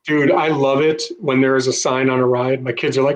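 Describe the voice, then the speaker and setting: A man's voice: mid-range voice, little pitch movement, fast, rough recording. A man co-hosting a casual podcast, telling rambling self-deprecating stories. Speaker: co-host.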